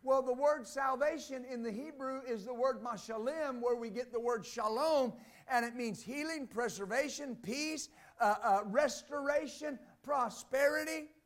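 A pastor preaching a sermon with exuberance, swinging between loud declarations and quiet asides and laughing between points. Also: male voice, very high voice, unhurried, hardly any pauses.

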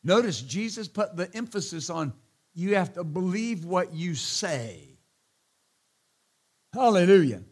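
A man's voice: high voice, lively intonation, a little slow, slightly rough. A middle-aged male pastor preaching a sermon, emphatic, often calling out hallelujah and amen, with joking asides to the congregation.

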